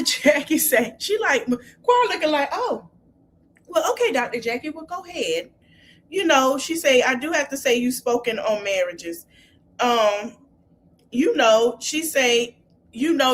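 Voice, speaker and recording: High-voiced woman recapping reality TV. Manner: animated retelling, acting out quotes with exclamations. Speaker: podcast host.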